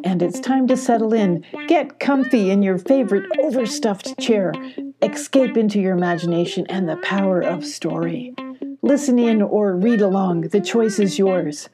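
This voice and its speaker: Gentle older woman hosting story time. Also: mid-range voice. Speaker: storyteller host. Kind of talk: scripted children's story introduction. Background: guitar music.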